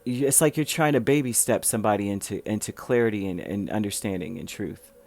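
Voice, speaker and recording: A man's voice: fairly low pitch, brisk, gravelly, a little mellow. A man giving a casual tarot reading, talking in a chatty, rambling way with many fillers and restarts. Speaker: tarot reader.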